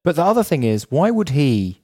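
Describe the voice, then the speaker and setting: A podcast co-host, a man, talks in a lively voice whose pitch swoops up and down. He questions everything in rapid-fire bursts, in a loose, casual chat.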